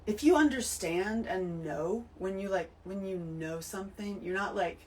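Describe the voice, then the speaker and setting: A woman giving an emphatic, animated spiritual talk to her listeners, full of swearing. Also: medium pitch, normal speed, distant mic, slight background noise, rough recording. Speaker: host. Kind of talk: spiritual monologue to camera.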